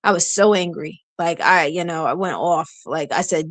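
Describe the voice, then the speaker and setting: A woman's voice: lowish voice, moderate pace, few pauses, dry recording. A tired woman venting on a stream in a casual, rambling way, full of fillers and restarts. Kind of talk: casual chat. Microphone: streaming setup.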